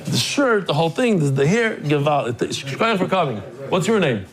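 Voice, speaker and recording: Animated man telling stories to his class. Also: on the high side, moderate pace. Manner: animated, jokey, acts out the people in his stories. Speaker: daily Talmud class teacher and host. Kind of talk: casual storytelling to a live class. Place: class room with guests present.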